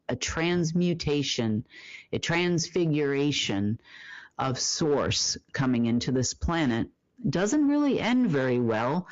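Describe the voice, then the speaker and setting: Solo report host: emphatic, self-answering questions, fillers; mid-pitched, dry and dull-sounding recording. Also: no echo. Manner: asks rhetorical questions and answers them himself. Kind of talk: monologue report.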